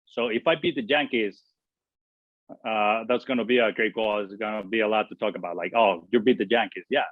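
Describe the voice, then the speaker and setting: A man's voice: lowish voice, steady tone, no room sound. Man, tinny dry call line. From Mexico. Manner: halting, many fillers and restarts. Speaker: former baseball pitcher, guest. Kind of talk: storytelling interview answers.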